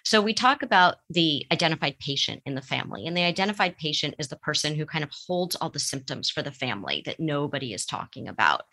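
A woman's voice: low-pitched, bright, forceful tone. A woman therapist giving advice in a studio, explaining with everyday examples and acting out what people say. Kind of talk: advice conversation.

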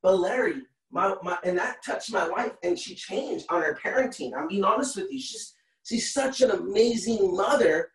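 Male podcast guest, thirties, animated storyteller who repeats himself, recorded far off in a roomy space. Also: high-pitched, normal speed. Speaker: podcast guest, motivational speaker. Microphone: call recording. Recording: roomy sound, distant from the mic.

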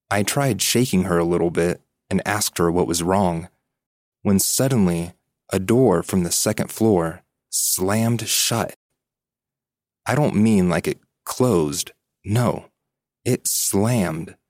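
Male podcast host, low register, dry close sound; measured, suspenseful scripted horror narration. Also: darkish tone, dry recording. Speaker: podcast host reading listener stories.

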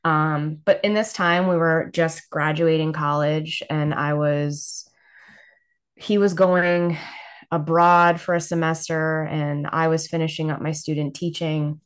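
Woman, 40s, low-pitched, blunt and profane, laughs often, candid podcast guest. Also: steady tone, slow pace, clear, resonant tone. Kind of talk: candid personal storytelling.

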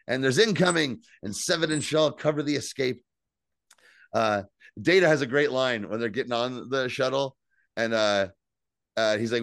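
A man co-hosting a podcast, casually and excitedly recapping scenes, swearing freely and quoting lines. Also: medium pitch, fairly quick, no room sound, studio quality. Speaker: podcast co-host. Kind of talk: casual chat.

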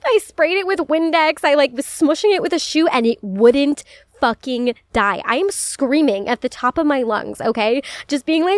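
A young woman in her twenties hosts an advice podcast, her voice sitting a little high. She talks casually, swears freely, laughs easily and fills her sentences with "like." The recording is close and dry, with no room sound. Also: expressive, moderate pace, dry recording. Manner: chatty, profane, laughs often, says "like" a lot. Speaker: podcast host.

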